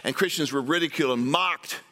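A pastor in his fifties or older, from Iowa, preaching a sermon and telling a story, with animated asides to the congregation. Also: fairly high pitch, a little fast. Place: church sanctuary. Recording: long hall reverb from a church sanctuary.

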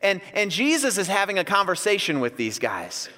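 A man in his thirties delivers a sermon in a church hall, telling stories in an animated way and acting out shouts. His voice sits high and sounds bright and forceful. Long reverb from the hall hangs behind him. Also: normal speed. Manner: storytelling, animated, acts out yelling. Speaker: pastor.

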